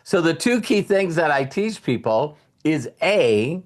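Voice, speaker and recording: A man's voice: a little high, lively intonation, a little slow, few pauses. A man giving a casual motivational talk, telling a story and retelling conversations with repeated words and restarts. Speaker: motivational speaker.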